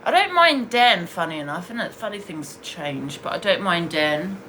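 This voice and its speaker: A woman's voice: fairly low pitch, animated, moderate pace, fairly bright tone, slight background noise. A woman streaming live, bluntly and scornfully ranting while she answers viewers' comments. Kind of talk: heated live-stream rant.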